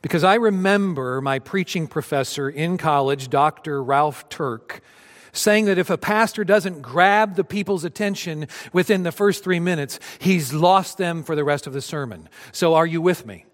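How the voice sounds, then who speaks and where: A man in his fifties, a pastor preaching a sermon to his congregation and reading scripture with dramatic rises and drops. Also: moderate pace. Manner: dramatic scripture reading, rising for cries and dropping low. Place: church sanctuary. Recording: long reverb of a church hall.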